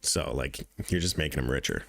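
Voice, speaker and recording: Low-voiced blunt man talking crypto charts. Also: fairly quick, gravelly, a bit bright, no echo, clean studio sound. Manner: blunt, profane, repeats points for emphasis. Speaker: crypto trading channel host. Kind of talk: casual market commentary over charts.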